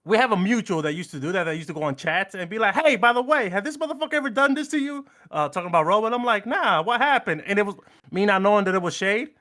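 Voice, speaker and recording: A man's voice: sits high, quick pace. A man in his thirties co-hosting a podcast, joking and swearing in casual banter. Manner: joking, animated, swears freely. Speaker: podcast co-host.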